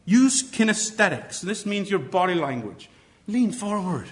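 A man teaching fellow educators how to read stories aloud, with an expressive, demonstrative delivery. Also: high voice, normal speed. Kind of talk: instructional talk on read-aloud storytelling.

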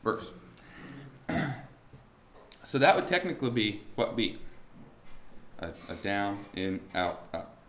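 A man teaching a class on musical timing, talking haltingly with many restarts and asking the students rhetorical questions. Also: on the low side, sing-song, fairly bright tone, roomy sound, slight background noise. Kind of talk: classroom lesson on beat patterns. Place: warm indoor classroom.

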